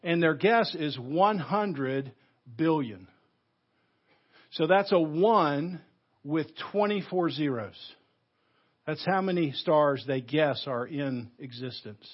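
A man preaching a sermon, leaning hard on key words and then dropping to a hush, with a Southern US accent. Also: on the high side, lo-fi sound. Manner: emphatic preaching, swinging between loud stresses and hushed, slow phrases. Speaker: pastor. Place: church sanctuary.

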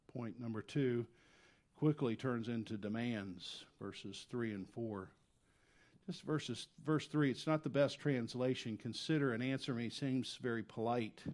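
A man preaching a sermon as pastor, earnest and conversational, dropping quiet and then rising loud when he voices desperate prayers. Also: medium pitch. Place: church.

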